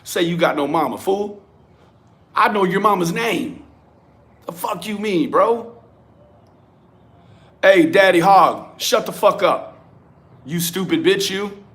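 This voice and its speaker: A young man rants through a livestream, his voice sitting a little high for a man. He is confrontational and profane, snapping at commenters by name between his points. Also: takes it slowly, pauses often, fairly bright tone. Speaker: livestream host.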